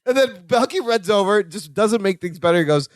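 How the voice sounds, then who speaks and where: A man's voice: high voice, animated, fairly quick, no room sound, clean studio sound. A man co-hosting a podcast, chatting casually about a sitcom episode, laughing often and quoting the characters. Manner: laughs often, jumps in with quoted lines. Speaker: podcast co-host.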